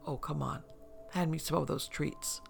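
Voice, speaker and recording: A man voicing a gentle, wistful young woman in a story reading, speaking softly and hushed. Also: low-pitched, fairly even intonation, normal speed, gravelly, faint music behind.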